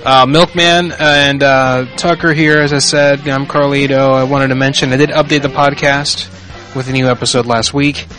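A man's voice: mid-range voice, flat delivery, normal speed, sharp tone, soft background music, rough recording. A man hosting a podcast in casual chat, crude and joking, swearing freely. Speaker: podcast host.

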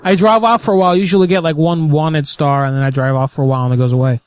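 A man making a prank phone call, goading the other person with deadpan absurd jokes. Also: on the high side, very fast, clean tone, dry recording. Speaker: prank caller.

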